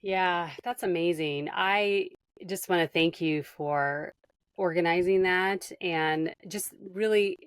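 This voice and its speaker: Woman podcast host; lowish voice, dry close sound, affirming and chatty. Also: takes it slowly, clear, resonant tone, no echo. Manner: affirming, emotional, "you know" fillers. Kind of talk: casual interview chat.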